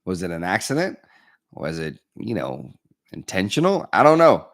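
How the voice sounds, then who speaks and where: Deep-voiced man telling a story. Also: normal speed. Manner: animated storyteller, acts out dialogue. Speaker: keynote speaker. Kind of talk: storytelling talk.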